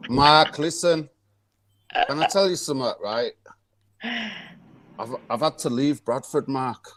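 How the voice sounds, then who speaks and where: A man's voice: mid-range voice, measured pace, long pauses, fairly bright tone. A man on a video call, delivering a sweary, exasperated improvised comic rant. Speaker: comedian guest.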